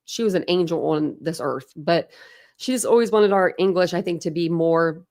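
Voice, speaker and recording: Host, young woman, low and gravelly, rambling livestream chat with viewers. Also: normal speed, a little mellow. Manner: rambling, chatty, many "like"s and restarts. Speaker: true crime channel host.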